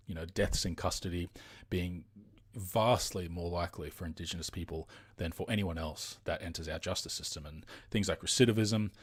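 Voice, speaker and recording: A man's voice: low voice, slightly rough. An Australian man hosting a live stream, ranting heatedly in casual commentary with frequent fillers and some swearing.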